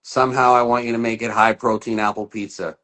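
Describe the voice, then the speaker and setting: A man hosting a podcast speaks in a casual, eager way. He asks questions enthusiastically in a mid-pitched voice. His tone stays friendly and relaxed throughout. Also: fast talker. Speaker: podcast host. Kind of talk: casual interview.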